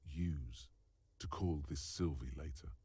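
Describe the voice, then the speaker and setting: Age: adult. Sex: male. Figure: a grave inner-voice narrator in a detective game. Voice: extremely low and breathy-husky. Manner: measured, wry. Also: dark tone, no room sound, exaggerated voice.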